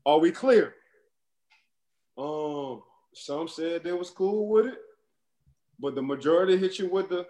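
A man, a former football player, telling animated stories in casual chat and laughing as he goes. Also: a little high, slow pace, reverberant.

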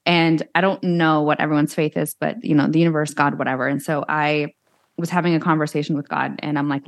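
A woman's voice: sits low, level tone, fast, creaky. A woman guest on an interview show, a social media influencer, talking frankly and plainly as she tells her own story. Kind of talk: candid conversational interview.

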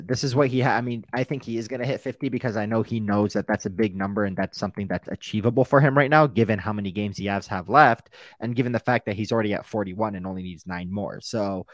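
A man with an American accent co-hosting a sports podcast in casual chat, rambling and animated, swearing freely. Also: on the low side, no echo, studio quality. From United States.

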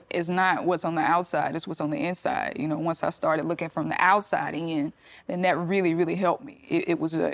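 A woman speaking candidly and reflectively about her own life in an interview. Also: lowish voice. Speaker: comedian interviewed. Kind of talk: personal testimony interview.

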